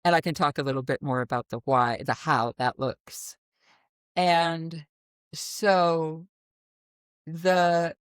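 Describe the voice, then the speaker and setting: Deep-voiced Midwestern woman, dry sound. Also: dry recording. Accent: American Midwestern. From middle of the United States. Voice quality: naturally deep voice. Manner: expressive, animated storytelling with sudden vocal demonstrations. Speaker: guest, voice teacher. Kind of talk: conversational interview.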